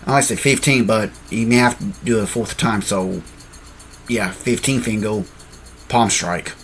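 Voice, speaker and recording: A man's voice: lowish voice, measured pace, a little hiss or hum. A man improvising a fan-fiction story, rambling, correcting himself and apologizing as he goes, sleepy and yawning.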